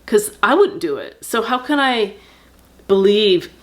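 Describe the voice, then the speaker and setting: A middle-aged woman telling a personal story on her vlog, earnest and reflective, pausing with fillers and restarting sentences. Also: mid-range voice, very animated.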